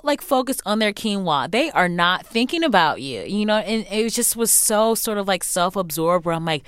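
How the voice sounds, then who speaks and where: A young adult woman talking candidly as an interview guest, emphatic and animated, acting out what other people said to her. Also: lowish voice, a little fast, clear, resonant tone, no echo, clean studio sound. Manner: animated, emphatic, acts out quoted remarks.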